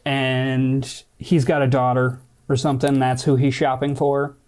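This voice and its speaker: A man's voice: mid-range voice, level tone, measured pace, a little mellow. A man co-hosting a podcast in casual chat, talking in an emphatic, blunt way and swearing freely. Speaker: podcast co-host.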